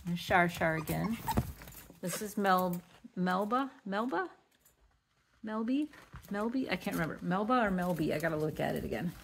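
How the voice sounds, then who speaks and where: A woman's voice: brisk, gravelly, a little hiss or hum. A woman dog breeder chatting casually on her vlog while showing her puppies in their indoor pen, cooing at them now and then. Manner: chatty, coos at the puppies in a high baby voice.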